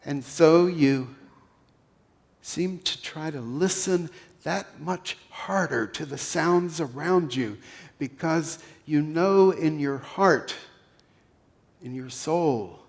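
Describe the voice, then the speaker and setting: Preaching in a Pennsylvania accent, the pastor leads his audience step by step through a story, rising in volume and then falling quiet. His fairly high voice has a gravelly texture.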